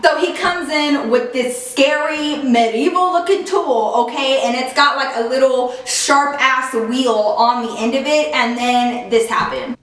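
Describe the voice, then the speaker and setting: A woman spins a casual storytime, stringing slang and "like" after "like" in a fairly high voice. She sits well back from the mic. The room rings with heavy echo. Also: unhurried, few pauses, a bit bright. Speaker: vlogger. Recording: very echoey room, far from mic.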